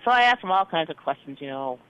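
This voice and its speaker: A doctor telling a story in an interview, acting out the dialogue with lively expression. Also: mid-range voice, fast talker, smooth. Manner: animated, acts out dialogue in quotes. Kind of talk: storytelling in conversation. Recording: phone-like narrow band.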